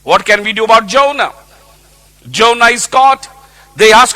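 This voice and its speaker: High, bright-voiced male preacher. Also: expressive, a little slow. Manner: emphatic, repeats key phrases. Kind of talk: sermon.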